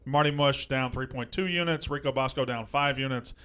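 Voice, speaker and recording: A man hosting a sports betting chat, running through his picks at a brisk clip. He jokes easily and keeps the banter moving between picks. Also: medium pitch, a bit bright, clear, resonant tone. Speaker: sports betting show host.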